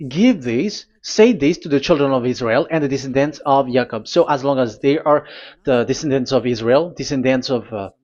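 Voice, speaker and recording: A man preaching a teaching sermon at a board, pausing and repeating himself as he explains. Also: medium pitch, a little mellow, lo-fi sound. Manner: halting, repeats words, talks to a technician.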